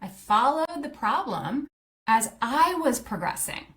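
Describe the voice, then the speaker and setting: A woman's voice: a little high, sing-song, a bit bright. Chatty woman telling her story. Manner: chatty, candid, fillers and quick self-quotes. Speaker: podcast host, coach. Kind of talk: casual personal storytelling.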